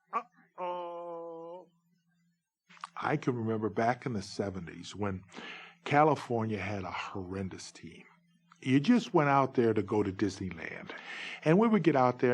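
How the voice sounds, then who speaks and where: A man in his forties, a former baseball umpire, telling humorous stories in a lively, jokey way. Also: mid-range voice, breathy edge. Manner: lively, jokey, breaks into shouted umpire calls. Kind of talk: humorous anecdotal storytelling.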